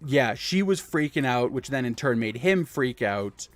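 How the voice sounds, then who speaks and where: A man's voice: mid-range voice, lively intonation, unhurried, no echo. A young man tells rambling, profane childhood stories on a casual live stream, often correcting himself. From Canada.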